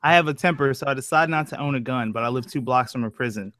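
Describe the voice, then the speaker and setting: A man's voice: medium pitch, fast, a bit bright, no echo, clean studio sound. An easygoing man hosting a stream, chatting casually and laughing often. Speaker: stream host. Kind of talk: casual chat.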